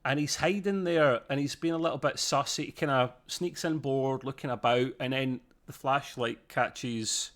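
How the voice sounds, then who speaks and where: A man's voice: mid-range voice, steady tone, moderate pace, hardly any pauses, fairly bright tone. A man co-hosting a casual podcast review, chatty and laughing often, with many fillers. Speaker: podcast co-host.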